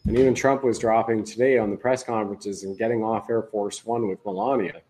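A man's voice: medium pitch, animated, brisk, creaky, a little mellow, rough recording. A man hosting a livestream, giving casual political commentary in a rambling, conversational way that often restarts. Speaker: livestream host.

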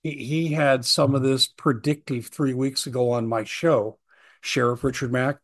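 A middle-aged man hosting his own show, talking urgently and earnestly, hoarse from talking all day. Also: medium pitch, steady tone, unhurried. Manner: urgent, earnest, reading out posts. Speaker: host. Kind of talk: solo show monologue.

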